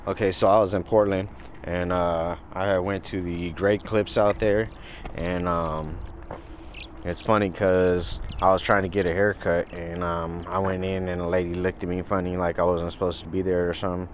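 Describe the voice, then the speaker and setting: A man's voice: deep voice, little pitch movement, moderate pace, lo-fi sound, a little hiss or hum. A man telling a rambling story in a casual vlog, full of fillers, recorded on a phone outdoors by a pond. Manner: rambling, filler-heavy, retells dialogue in put-on voices. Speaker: vlogger.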